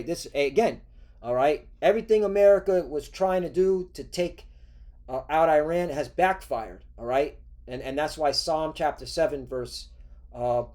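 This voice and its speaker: A man's voice: mid-range voice, dark tone. A man hosting a religious news commentary, ranting and swearing, constantly checking in with "all right?". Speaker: host.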